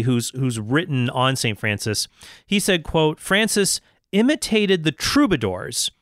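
A man giving a lively talk about saints as a Catholic author, reading quoted passages slowly and with emphasis. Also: mid-range voice, dry recording, studio quality. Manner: animated storyteller, reads quotes slowly and emphatically. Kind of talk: lecture-style talk on saints.

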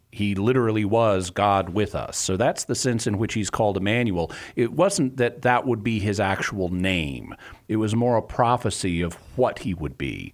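A man answering callers' questions on a call-in radio show, explaining in a measured, patient way. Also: on the low side.

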